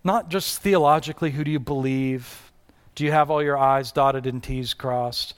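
A man's voice: mid-range voice, fairly even intonation, normal speed, clear, resonant tone. A man preaching a sermon in an earnest style, with rising and falling delivery and repeated questions to the congregation. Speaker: pastor.

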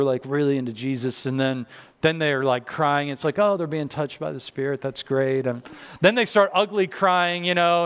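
A man preaches as pastor in a church sanctuary, sharing stories in a conversational style with self-deprecating humor. His smooth voice is a little high and fairly bright, echoing with the long reverb of a big hall.

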